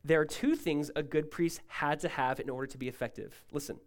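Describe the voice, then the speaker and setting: A male pastor preaching a sermon, emphatic and rising loud, then dropping to a hushed tone, often asking listeners to follow along. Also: a little high, a little fast. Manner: asks the congregation to follow along.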